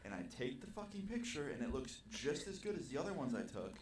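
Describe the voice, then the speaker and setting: A young man telling a personal party story in a casual, animated, profane storytime vlog. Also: medium pitch, fast. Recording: roomy, distant video playback with faint noise.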